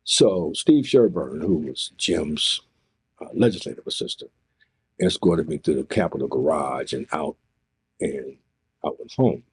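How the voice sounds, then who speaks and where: An older man telling a story in an interview, animated and profane, acting out what others said. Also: a bass voice, a little slow, slightly rough. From Oregon, US. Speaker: interview guest.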